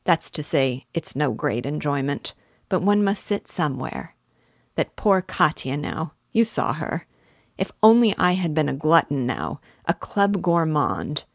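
A sly, suave middle-aged schemer, read by a woman from a storybook, teasing and unhurried in his talk. The voice sits low and close, with a dry, plain sound. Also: very animated, no echo, full character voice.

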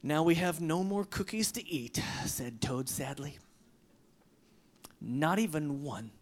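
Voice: medium pitch, big pitch swings, a little slow, voice pushed up. A preacher reading a storybook aloud, voicing a fretful male toad who loves cookies and pleads when he protests. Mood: sad.

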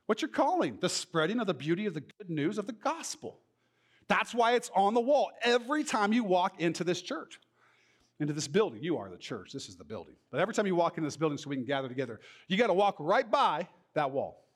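A middle-aged man preaching a sermon as pastor, talking in a lively conversational way and slipping into mock voices. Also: high voice, fast talker.

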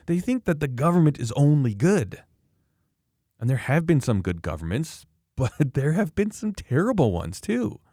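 A man's voice: a little high, sing-song, moderate pace, mellow, no room sound, clean studio sound. A man hosting a podcast, telling long rambling stories in casual conversation with many restarts. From Canada. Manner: rambling storyteller, frequent restarts.

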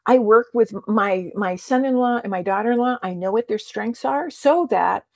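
A woman's voice: fairly high pitch, moderate pace, vocal fry, darkish tone, dry recording, clean studio sound. A middle-aged woman, a coach being interviewed, telling stories in a casual chat and acting out the dialogue she quotes. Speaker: transformation coach guest.

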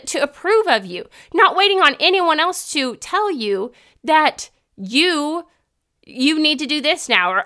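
Bright high-voiced woman giving an earnest talk. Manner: earnest, emphatic, acts out inner voices in quotes. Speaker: Christian speaker. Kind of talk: faith-based teaching talk.

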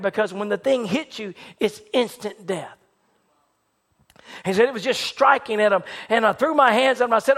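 High-voiced man preaching with dramatic swings. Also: normal speed. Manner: dramatic, rising to excited shouts in retold scenes, dropping to hushed lows. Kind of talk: sermon retelling a story.

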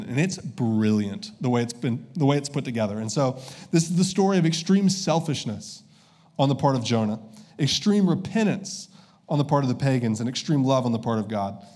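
A man's voice: mid-range voice, a little mellow. A man preaching as pastor, conversational and easygoing, with frequent filler sounds and restarts. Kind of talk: sermon.

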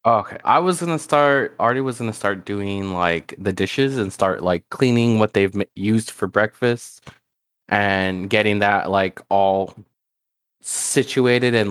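A man's voice: on the low side, no echo. A man playing a tabletop game, describing his character's actions hesitantly, with many restarts. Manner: hesitant, full of restarts and fillers. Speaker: player.

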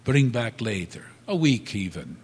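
A man's voice: lowish voice, big pitch swings, a little slow, slightly rough, exaggerated voice. A man voicing an eager, generous male immigrant florist who speaks broken English, in a reverberant hall.

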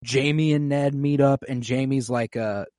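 A man's voice: mid-range voice, fairly even intonation, measured pace, darkish tone, dry recording, clean studio sound. A young man co-hosting a podcast, recapping a TV episode in casual, slangy chat. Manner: laid-back, slangy, does goofy quoted voices. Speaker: podcast co-host.

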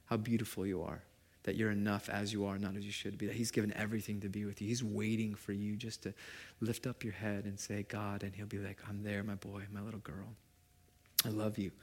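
A man preaching a sermon at a church gathering, talking casually and shifting between loud, animated stretches and hushed, quiet ones. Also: on the low side, fairly quick. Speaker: pastor.

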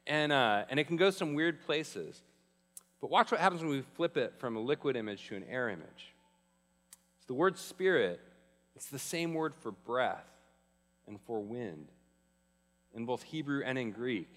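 A male pastor preaching a sermon in a conversational, emphatic way, slowing down on key phrases. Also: mid-range voice, expressive, a bit bright, in a large hall. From Arizona, US.

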